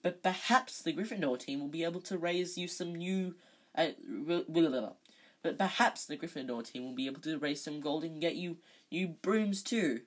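A reader voicing a smug, cold schoolboy wizard who speaks smoothly and sneers, in a fan storybook reading. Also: mid-range voice, moderate pace, natural voice.

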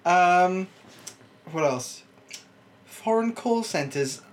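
A man's voice: high-pitched, animated, extremely slow. A young man, chatting casually and rambling with frequent restarts. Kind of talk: casual chat.

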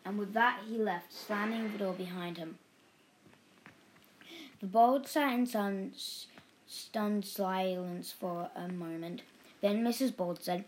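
A woman's voice: mid-range voice, takes it slowly, rough recording. A woman narrating a children's story, chatting in asides to the listener.

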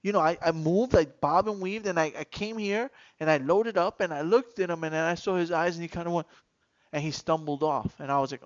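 A man hosting a casual podcast, telling animated street stories and acting out voices. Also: on the high side, fairly quick, dull audio. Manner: animated storyteller who acts out voices and shouts. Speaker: podcast host.

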